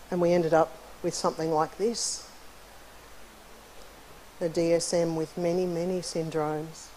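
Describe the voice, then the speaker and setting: Middle-aged woman, keynote psychologist, low mellow voice, chatty, frequent throat-clearing, faint room hiss. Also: steady tone, slow pace, long pauses, poor audio. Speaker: conference keynote speaker, psychologist. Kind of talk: conversational lecture. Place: university lecture hall.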